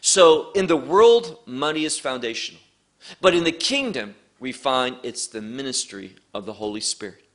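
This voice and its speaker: A man's voice: mid-range voice, lively intonation, normal speed, fairly bright tone. A man teaching through a Bible passage verse by verse, speaking emphatically and repeating key words for stress.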